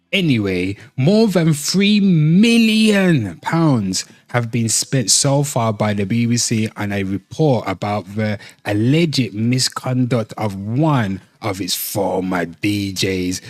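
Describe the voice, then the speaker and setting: A man's voice: on the low side, dry recording. A man from Britain reading a news article aloud in a casual reaction video, breaking off with swearing asides and addressing viewers. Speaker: commentary host.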